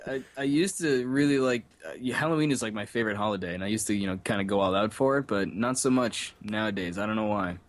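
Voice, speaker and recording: A man's voice: fairly low pitch, fast talker, hardly any pauses. A man co-hosting a podcast in casual chat, easygoing and joking, swearing casually. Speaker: podcast co-host.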